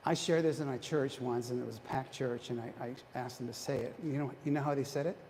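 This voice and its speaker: A man's voice: mid-range voice, steady tone, quick pace, darkish tone. A man giving a retreat talk, preaching to a congregation, quizzing his listeners and often restarting his sentences. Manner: engaging, quizzes the audience, frequent restarts. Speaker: retreat speaker. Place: church hall. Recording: long hall reverb, faint background noise.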